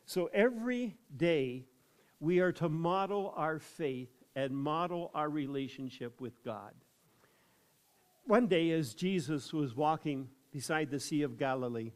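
Older american pastor preaching, slightly high voice, slow storytelling that builds up hard. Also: male voice, lively intonation. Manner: unhurried storytelling that rises into emphatic preaching. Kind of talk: sermon.

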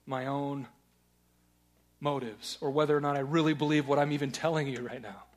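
A man preaching a sermon, earnest, moving between loud urging and hushed, searching questions. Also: mid-range voice, fairly even intonation, fairly quick. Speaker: pastor.

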